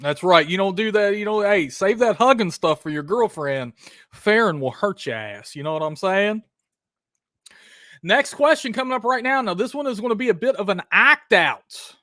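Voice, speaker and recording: Upbeat male streamer hosting live trivia, chatty and pumped, a bit high-pitched, dry close mic. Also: expressive, moderate pace, sharp tone, dry recording. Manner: hyped, chatty, calls viewers brother and dude.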